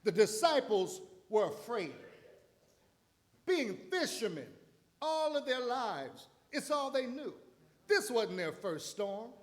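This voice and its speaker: High-voiced man preaching with fire. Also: big pitch swings, slow. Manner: dramatic, acts out voices, builds to shouting. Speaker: minister. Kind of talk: sermon. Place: church sanctuary.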